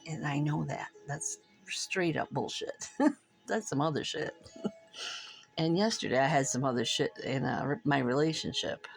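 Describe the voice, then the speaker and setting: Middle-aged vlogger, gravelly, blunt, swears freely, faint music underneath. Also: mid-range voice. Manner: blunt, profane, frank; rambling, chatty, laughs between thoughts. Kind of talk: casual talk to camera over coffee.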